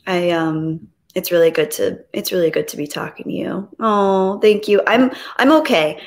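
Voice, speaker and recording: Soft-spoken woman hosting a live stream. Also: lowish voice, moderate pace. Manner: reads chat messages aloud and greets viewers; soft, reflective and hesitant when talking about grief. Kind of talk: casual live-stream chat.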